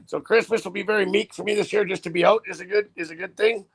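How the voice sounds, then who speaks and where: A man's voice: high voice, fairly even intonation, fast, gravelly, a bit bright, slightly rough. A middle-aged man who drives a truck, talking in a blunt, profane, rambling way with many restarts. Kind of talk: casual on-camera chat.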